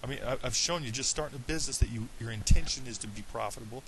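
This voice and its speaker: A man's voice: medium pitch, very fast, hardly any pauses, fairly bright tone, a little hiss or hum, poor audio. A middle-aged man giving an earnest, blunt pep talk to his business club, emphatic and full of restarts. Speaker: online business coach. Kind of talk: direct-to-camera pep talk.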